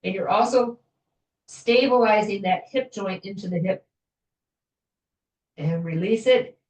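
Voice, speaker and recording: A woman fitness instructor guiding a floor stretching class in a gentle, chatty way, with small jokes about herself. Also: medium pitch, measured pace, far from the mic. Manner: gentle, chatty, self-joking with little laughs. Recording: echoey room, voice from afar.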